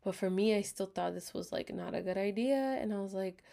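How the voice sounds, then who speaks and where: Woman, casual storytime chat, gravelly, expressive, frequent half-whispers, dry throat. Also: mid-range voice, fairly quick. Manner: candid, expressive, lots of swearing and slang; talks in bursts, often drops to a half-whisper. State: dry throat, clears it often. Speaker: vlogger.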